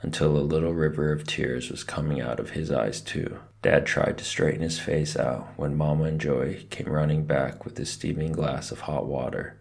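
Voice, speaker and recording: A man reads a children's novel aloud with expressive, lively narration. His voice is extremely low. It has a heavy gravelly fry. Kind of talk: storybook read-aloud.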